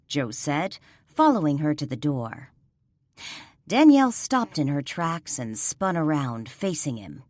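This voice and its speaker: A woman reads a ghost mystery audiobook with a low but lively voice. The recording is dry and close. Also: measured pace, no echo. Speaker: audiobook narrator. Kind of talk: scripted narration.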